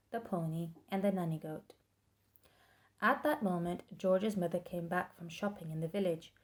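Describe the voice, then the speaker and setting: A woman's voice: lowish voice, moderate pace. Woman reading a children's book aloud. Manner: lively expressive storytelling. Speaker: storybook reader.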